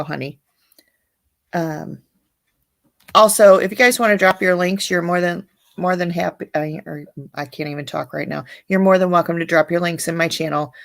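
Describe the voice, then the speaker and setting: Low, gravelly woman chatting on a livestream. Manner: blunt and profane, chatty, laughs often. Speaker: livestream host. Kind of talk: casual livestream chat reading viewer comments.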